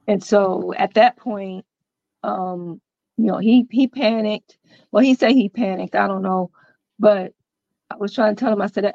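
A woman's voice: mid-range voice, fairly even intonation, normal speed, darkish tone, dry recording, lo-fi sound. A woman guest on a podcast, recounting her own story in a loose, conversational way with many fillers and quoted dialogue. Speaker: interview guest. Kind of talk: personal storytelling in a podcast interview.

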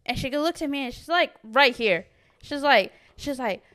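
A woman's voice: sits high, lively intonation, moderate pace, pushed and bright. A young woman in her twenties on a podcast, telling a profane story in casual chat and acting out the quotes. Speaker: podcast co-host.

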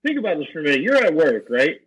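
A man's voice: fairly high pitch, very animated, rapid-fire, a bit bright, slightly rough, low-quality recording. A man in casual chat, ranting crudely and emphatically.

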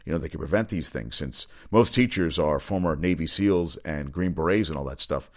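A man's voice: extremely low pitch, moderate pace, darkish tone. A man hosting a casual opinion commentary, blunt and rambling, swearing freely. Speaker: commentary host.

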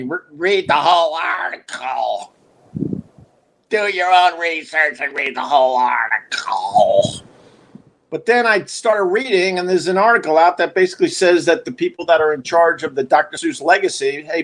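A man's voice: a little high, fairly bright tone. A man hosting a livestream, telling a long casual story in a restless, self-mocking way, full of restarts and asides. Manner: wry, self-mocking humor. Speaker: livestream host.

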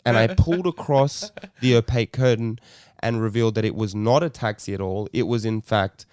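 A man's voice: fairly low pitch, fairly quick, a little mellow, clear, resonant tone. A young man telling a rambling story in casual chat, swearing and restarting often. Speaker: guest storyteller.

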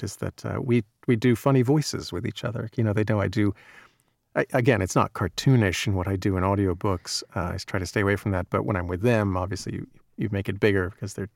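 Male audiobook narrator, relaxed and self-deprecating; low, gravelly, dry studio sound. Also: no room sound. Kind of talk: casual interview chat.

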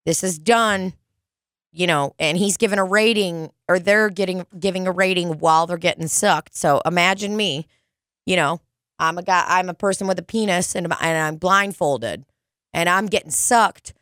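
A woman's voice: lowish voice, normal speed, a bit bright, no room sound, clean studio sound. A woman co-hosting a casual chat, riffing on crude comic bits with playful exaggeration.

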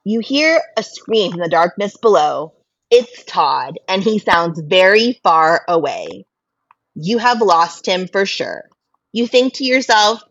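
A woman reading a choose-your-own-adventure story aloud to a friend as game master, laughing often and jumping to high voices for quotes. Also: animated, slow, husky. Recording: dull lo-fi podcast mic with faint noise.

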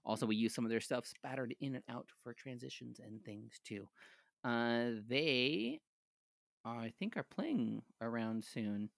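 A man's voice: medium pitch, lively intonation, measured pace, creaky, no echo, studio quality. A man co-hosting a casual podcast, joking around and trailing off mid-thought. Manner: loose, joking, trails off and restarts. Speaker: podcast co-host. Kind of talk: casual chat over drinks.

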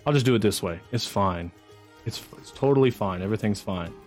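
A man narrating as game master of a streamed tabletop game, energetic and chatty, swinging into excited whoops. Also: fairly low pitch, a little fast, soft background music.

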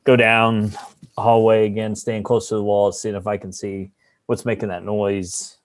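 Laid-back lower-voiced man playing a tabletop game. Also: level tone, measured pace. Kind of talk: casual in-character game talk.

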